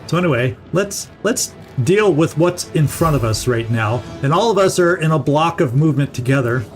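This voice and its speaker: A man's voice: a little high, lively intonation, normal speed, soft background music. Chatty middle-aged man narrating gameplay. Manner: chatty, thinks aloud, repeats words when restarting. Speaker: gaming channel host. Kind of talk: casual let's-play commentary.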